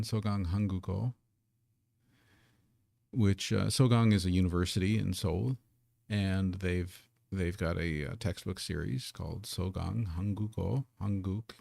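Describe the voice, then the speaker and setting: A man teaching a live online Korean lesson, patiently explaining and sounding out syllables slowly. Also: sits low, steady tone, gravelly, a little mellow, no echo, studio quality.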